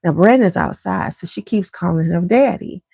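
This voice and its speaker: A woman's voice: fairly low pitch, normal speed, warm tone, no echo. A middle-aged woman vlogger chatting casually to her viewers and telling a family story from her home basement. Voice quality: gravelly, chatty and conversational.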